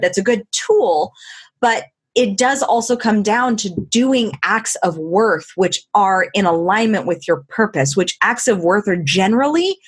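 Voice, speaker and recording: A woman from Southern California, a coach in casual interview chat, talking in a lively way, acting out quotes and using "like" often. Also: mid-range voice, slightly rough. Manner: animated, acts out quotes, frequent "like". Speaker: coach and guest.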